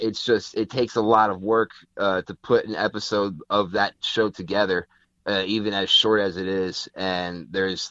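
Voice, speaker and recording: Low-voiced man, casual guest, lo-fi. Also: fairly bright tone, no echo. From Connecticut. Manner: rambling, many fillers and restarts. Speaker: podcast guest. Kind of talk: casual interview chat. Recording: dull lo-fi sound.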